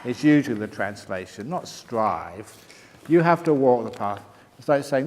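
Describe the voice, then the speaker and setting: An older Buddhist monk answers retreat questions in a meditation retreat hall, cracking jokes and laughing at his own punchlines. His medium-pitched voice has lively intonation, a moderate pace, and a darkish tone, and the sound carries the feel of a large hall.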